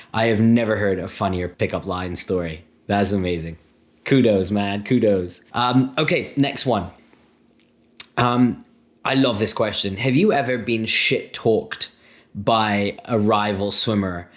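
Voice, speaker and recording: A man's voice: fairly low pitch, a little slow. A man hosting a casual interview, reading out questions and reacting with enthusiastic praise. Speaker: host.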